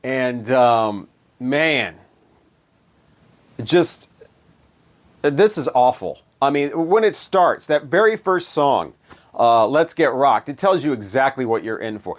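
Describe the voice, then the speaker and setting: A man's voice: medium pitch, animated, measured pace. Sarcastic man reviewing albums. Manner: sarcastic, dismissive, digressive. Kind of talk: casual spoken review monologue.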